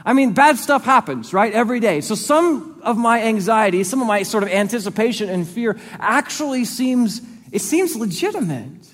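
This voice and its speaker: High-voiced pastor preaching in a hall. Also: male voice, expressive, normal speed, hardly any pauses, a bit bright. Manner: conversational preaching, acts out quoted voices. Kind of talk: sermon. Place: church sanctuary.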